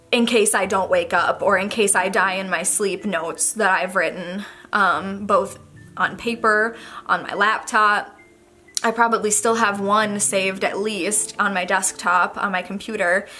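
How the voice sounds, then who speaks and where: A young woman talks straight to a camera propped on a tripod in her bedroom. She speaks at a middle pitch, candid and rambling, opening up emotionally. Faint music runs underneath. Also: a bit bright. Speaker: vlogger. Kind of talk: personal talk to camera.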